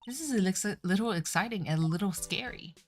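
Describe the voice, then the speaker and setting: A woman's voice: medium pitch, animated, a little fast, faint music behind, natural voice. A woman voicing a cheerful, curious young female spirit medium from a courtroom game. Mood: excited.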